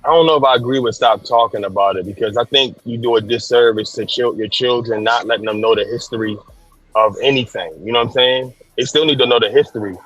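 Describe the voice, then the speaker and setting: Male panelist, husky, dry close sound, measured and firm. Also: medium pitch, fairly bright tone, no room sound, muffled recording, faint music behind. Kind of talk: casual debate chat.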